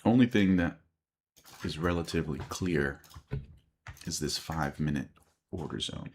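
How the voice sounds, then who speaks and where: Low-voiced man thinking aloud over charts. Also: normal speed, a little mellow, a little hiss or hum. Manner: muttering, thinking aloud while watching charts; chewing gum. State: tired, yawning. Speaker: day trader streaming live. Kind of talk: casual live-stream commentary.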